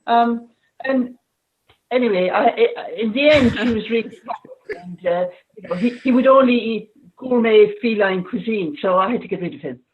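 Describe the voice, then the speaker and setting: A woman doing stand-up in a put-on Irish accent over a video call, wry and halting, with a mock-sad tone. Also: a little high, muffled recording. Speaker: stand-up comedian. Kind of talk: deadpan lockdown stand-up.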